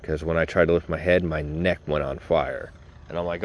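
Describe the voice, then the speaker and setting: Man, very low voice, podcast host, casual rambling storytelling, informal. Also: fairly even intonation, moderate pace. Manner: rambling, informal, swears, talks straight to listeners.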